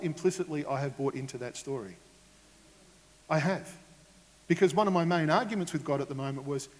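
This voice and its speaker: Casual: pastor guy chatting through his sermon, kinda high voice, lots of rhetorical questions, long hall echo. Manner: candid, conversational, with rhetorical questions.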